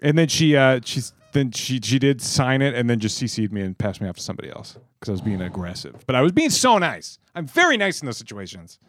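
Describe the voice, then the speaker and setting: A quick-talking man on a casual podcast, his pitch swinging widely as he rants and swears freely. The sound is close and dry. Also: no room sound. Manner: fast, lively, swears freely while ranting. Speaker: podcast co-host. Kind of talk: casual chat.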